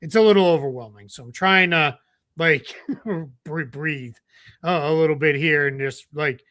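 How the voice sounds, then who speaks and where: Male co-host, slightly high, bright and forceful, chatty and easygoing. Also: normal speed. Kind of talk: casual podcast chat.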